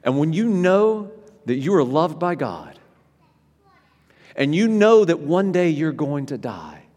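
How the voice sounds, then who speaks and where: Pastor, male, slightly high voice, animated sermon delivery with stumbles and restarts, long hall reverb. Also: slow. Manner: animated preaching with frequent restarts, rising loud then dropping quiet.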